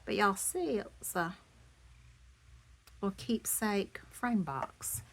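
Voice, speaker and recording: A woman, hoarse from losing her voice, chatting casually as she shows off handmade craft pieces, gushing and often dropping into soft half-whispers. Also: medium pitch, animated, takes it slowly, a little hiss or hum. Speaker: craft vlogger. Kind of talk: casual show-and-tell chat.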